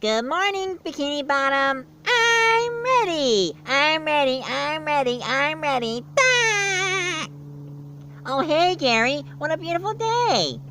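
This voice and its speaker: A man voicing a cheerful, eager young sea sponge fry cook in a bubbly, excited cartoon voice. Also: extremely high pitch, slow, a little hiss or hum, pitched above the performer's own voice, heavily acted.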